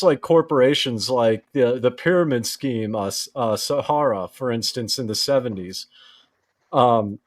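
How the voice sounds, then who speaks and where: A man's voice: medium pitch, dry recording. A man on a panel podcast, animatedly telling stories and acting out quoted lines. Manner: animated storyteller, acts out quotes. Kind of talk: casual panel chat.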